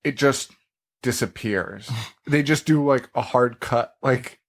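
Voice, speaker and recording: A man in a mid-range voice hosts a casual movie podcast. He riffs loosely, laughs often and swears without a second thought. His delivery stays animated and conversational throughout. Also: mid-range voice, slow, vocal fry. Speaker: podcast host. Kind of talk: casual movie-review chat.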